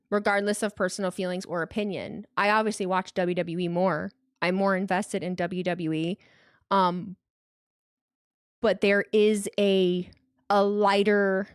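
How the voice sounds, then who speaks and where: A woman's voice: mid-range voice, smooth, no room sound, clean studio sound. A woman hosting a live wrestling watch party, reading super chats and apologizing a lot, tripping over her words and swearing casually.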